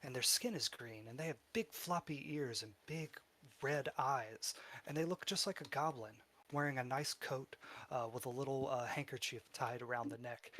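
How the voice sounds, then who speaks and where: A man's voice: mid-range voice, moderate pace, a bit bright. A man narrating a tabletop game as game master, describing scenes loosely with fillers.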